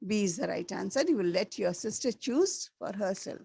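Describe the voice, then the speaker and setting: A woman teaching a school class, slowly repeating the key words for her students. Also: mid-range voice, lively intonation, gravelly, dark tone, breathy edge, dry recording. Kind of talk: classroom lesson.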